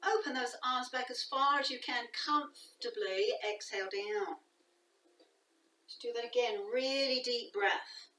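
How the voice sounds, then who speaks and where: A woman teaching a guided yoga class, calm and soft-spoken, often dropping to a near whisper. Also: fairly high pitch, measured pace. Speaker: yoga instructor. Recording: echoey room, voice from a distance.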